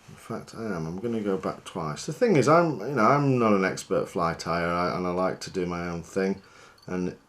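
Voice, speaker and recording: A man's voice: low voice, normal speed, few pauses. Chatty man tying a fly. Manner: chatty, relaxed, self-deprecating. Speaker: fly fishing guide.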